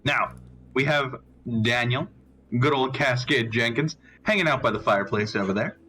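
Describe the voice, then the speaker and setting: A man's voice: medium pitch, moderate pace, pushed and bright, a little hiss or hum. Man running a tabletop game. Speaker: game master.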